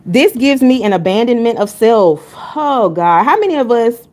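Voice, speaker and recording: A woman's voice: on the high side, animated, normal speed, a little mellow. A woman reading tarot on a live stream, talking casually and bluntly. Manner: candid and blunt, chatting with chat between readings.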